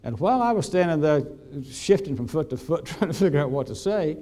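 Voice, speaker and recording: An older male physician, telling a folksy anecdote to an audience with halting fillers. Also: fairly high pitch, expressive, warm tone. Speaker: physician and speaker. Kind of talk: storytelling talk to an audience.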